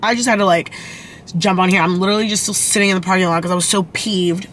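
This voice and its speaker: A woman's voice: mid-range voice, steady tone, fast, fairly bright tone, slight background noise. A young woman vlogging casually into her phone camera, chatty and blunt, swearing freely. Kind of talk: casual vlog talk to camera.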